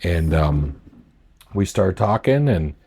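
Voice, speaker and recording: A man's voice: sits low, lively intonation, slow pace, dark tone, husky. A man telling the story of his political campaign in a casual, rambling way, acting out what people said to him. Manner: rambling, acts out quoted dialogue. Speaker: political candidate and marina owner. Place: at a marina boat club.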